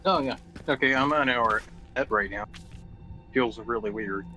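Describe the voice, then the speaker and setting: A man's voice: mid-range voice, measured pace, bright, forceful tone, soft background music, rough recording. A man casually chatting with a friend during a game stream, asking easygoing questions. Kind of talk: casual chat on a call.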